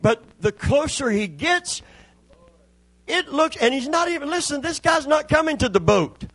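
High gravelly-voiced male preacher. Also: lively intonation, moderate pace, fairly bright tone, dry recording. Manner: folksy, impassioned preaching. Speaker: pastor. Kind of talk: sermon.

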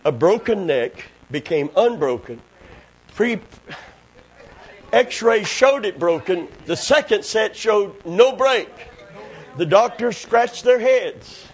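A man preaching a fervent sermon, breaking into shouted bursts and hallelujahs. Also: sits high, expressive, slow. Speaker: pastor.

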